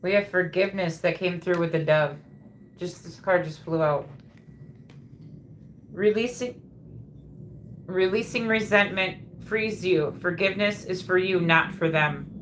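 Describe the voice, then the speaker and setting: A woman's voice: lowish voice, measured pace, pauses often, a bit bright, a little hiss or hum. A woman hosting a live psychic reading stream, relaying messages and repeating phrases as they come through.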